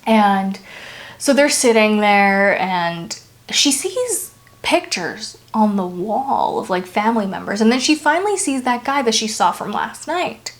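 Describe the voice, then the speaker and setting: A young woman from Brazil tells family ghost stories in a loose, chatty way, peppering her sentences with fillers. Her voice sits at an ordinary middle pitch, and she retells scenes with animated energy. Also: measured pace. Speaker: storyteller, channel host. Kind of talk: casual spoken ghost storytelling.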